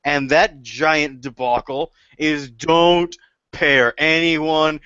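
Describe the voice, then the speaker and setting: A man's voice: on the high side, fairly even intonation, drawn-out words, bright, forceful tone, clear, resonant tone, dry recording. A man as a guest in a casual chat, talking bluntly with frequent swearing. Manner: blunt, profane, emphatic. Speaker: guest co-host. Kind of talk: casual chat about wrestling. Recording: dull lo-fi dry recording.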